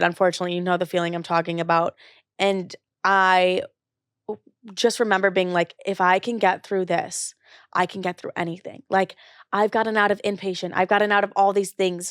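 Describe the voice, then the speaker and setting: A woman's voice: on the low side, dry recording, clean studio sound. A young adult woman hosting a podcast, talking candidly in a casual monologue, swearing freely and filling her speech with "like". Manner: chatty with frequent "like" fillers. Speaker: podcast host.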